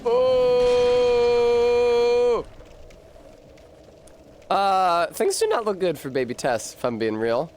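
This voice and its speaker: A man's voice: extremely high pitch, lively intonation, extremely slow, pauses often, a little mellow. A man streaming a game, chatting casually in a profane, rambling way and laughing often. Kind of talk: casual gameplay chat.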